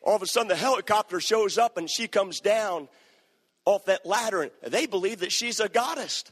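A middle-aged man preaching a sermon, telling stories dramatically, acting out the voices of the people in them, and building to emphatic, loud exhortations. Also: high voice, expressive, normal speed, husky. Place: church sanctuary. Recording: long reverb of a church hall.

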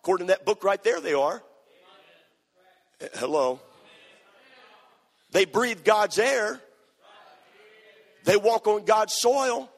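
A man's voice: high-pitched, measured pace, pauses often. A man preaching a sermon, emphatic and repeating his key phrases. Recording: hall reverb.

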